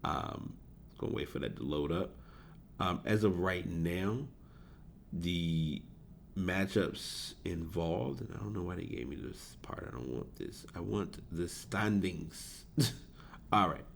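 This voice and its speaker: Very deep-voiced man hosting a podcast. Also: animated, measured pace, creaky, a little hiss or hum. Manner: rambling, self-correcting, chuckles at himself. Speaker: podcast host. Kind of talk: casual solo podcast talk about esports. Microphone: desk USB microphone.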